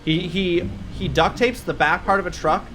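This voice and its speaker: A man's voice: high-pitched, steady tone, moderate pace, background noise. A young man live-streaming a game, bantering with chat, joking and swearing as he rambles. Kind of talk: casual live-stream chat while gaming. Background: game music.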